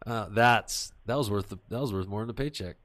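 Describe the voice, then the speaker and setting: A man hosting a podcast, chatting casually and telling animated, profane stories. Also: on the low side, a little fast. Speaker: podcast host. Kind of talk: casual chat.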